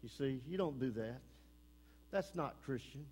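A man with an East Texas accent preaching a fiery sermon as pastor, swinging between shouted warnings and low, earnest pleading. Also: expressive, measured pace, pauses often, breathy edge. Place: church sanctuary. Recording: long hall reverb.

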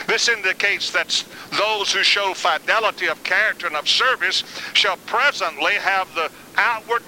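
A man's voice: fairly high pitch, sharp tone, a little hiss or hum, poor audio. An older man teaching a Bible lesson in a folksy, conversational way, mixing in personal stories.

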